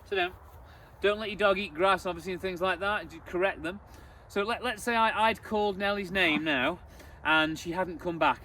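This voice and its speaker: A man's voice: high-pitched, a bit bright. A man working as a dog trainer, giving emphatic, repetitive instructions during an outdoor training demonstration. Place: outdoors, open ground. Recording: distant voice with outdoor noise.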